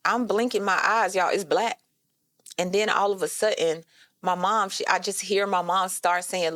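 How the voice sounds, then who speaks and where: A woman in her thirties telling a personal story on a podcast, animated and direct, calling listeners "y'all" and "girl". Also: mid-range voice, moderate pace, no room sound, studio quality. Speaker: guest.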